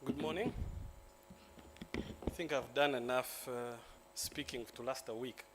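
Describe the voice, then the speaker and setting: A Ugandan man, a lawyer, giving a joking, relaxed talk at a conference. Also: medium pitch, a little slow, background noise. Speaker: lawyer and speaker. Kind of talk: symposium presentation. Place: conference hall.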